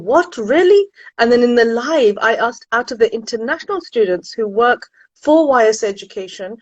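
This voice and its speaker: Woman admissions consultant chatting on a live from home, kinda high voice, dry sound, lots of exclamations. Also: no echo, rough recording. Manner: chatty and animated, frequent exclamations. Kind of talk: casual live stream chat with viewers.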